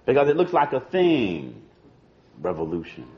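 A man's medium-pitched voice swings hugely in pitch as he addresses an audience at a moderate pace on political matters. The talk is informal, with repeated words and many a "you know" and "see," preserved in dull lo-fi archival audio.

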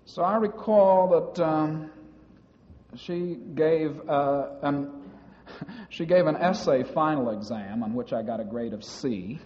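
A man giving a public talk about his time as a university student, telling stories in a measured way with some hesitant restarts. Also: on the high side, darkish tone. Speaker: former university student recounting experiences. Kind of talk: public speech recounting personal experiences. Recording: dull lo-fi recording in a reverberant hall.

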